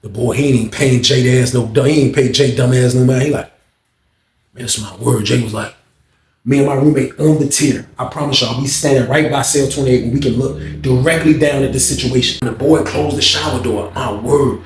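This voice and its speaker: A man's voice: medium pitch, fairly quick, a little hiss or hum. A man casually telling a slangy, repetitive story about prison life, in a roomy echo. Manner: slangy, repetitive, animated retelling.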